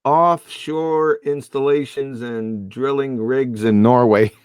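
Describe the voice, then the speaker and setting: A man's voice: medium pitch, steady tone, slow, darkish tone, clear, resonant tone, no room sound. A man hosting a live stream who debates bluntly, quizzing his caller with sarcasm. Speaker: stream host. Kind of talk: casual debate.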